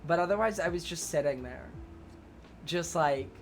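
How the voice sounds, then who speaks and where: A man's voice: a little high, normal speed, slight background noise. A young man streaming, telling a long story casually to his live chat, padding every phrase with "like", swearing often and breaking off to thank viewers. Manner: rambling, fills every phrase with "like", swears a lot.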